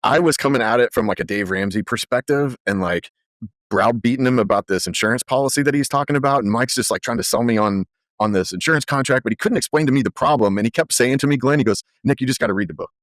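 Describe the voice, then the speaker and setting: A man guesting on a podcast, telling animated stories full of fillers in a conversational way. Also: medium pitch, fast, no room sound, clean studio sound. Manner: animated, lively storyteller with frequent fillers. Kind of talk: conversational storytelling.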